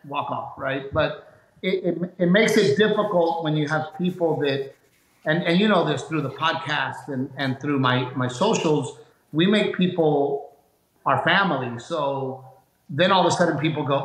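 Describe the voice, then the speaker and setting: A man tells stories in a relaxed podcast chat with a fairly high voice, slipping into the voices of the people he quotes. His talk carries some echo from the room around him. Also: a little slow. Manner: animated storyteller, acts out quoted people, laughs often. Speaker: comedian guest. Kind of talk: casual storytelling interview.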